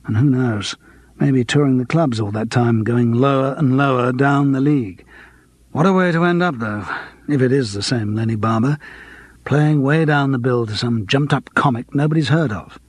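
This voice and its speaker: A man's voice: medium pitch, normal speed, no room sound, lightly acted. A man voicing a theatrical middle-aged stage actor with a grandiose, self-mocking manner. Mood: reminiscing.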